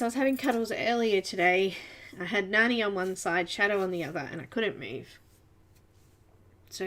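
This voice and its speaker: A woman's voice: mid-range voice, a bit bright. An Australian woman hosting a casual livestream, chatting away and greeting viewers by name. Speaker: livestream host.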